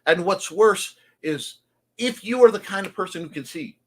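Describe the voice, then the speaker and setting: A man's voice: sits high, expressive, moderate pace. A man hosting a creative morning show, talking earnestly and confessionally in a folksy way. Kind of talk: reflective monologue.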